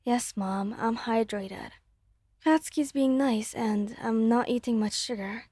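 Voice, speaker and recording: A woman voicing a tired young adult answering overbearing parents, soft and muttered, in a whispered role-play. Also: fairly high pitch, a little slow, slightly rough, no echo, studio quality. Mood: weary.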